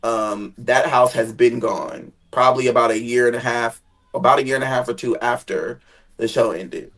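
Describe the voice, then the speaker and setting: A guest chatting casually about family drama, animated, jumping into high dramatic tones and swearing freely. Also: moderate pace. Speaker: guest sharing family stories. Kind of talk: casual gossip chat.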